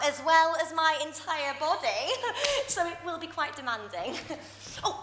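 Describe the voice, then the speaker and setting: An actress playing a bubbly young actress in a comic monologue, chatty and self-mocking. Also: female voice, high voice, sharp tone. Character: bubbly young actress telling audition stories. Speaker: drama student in a showcase monologue. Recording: echoey room with hiss.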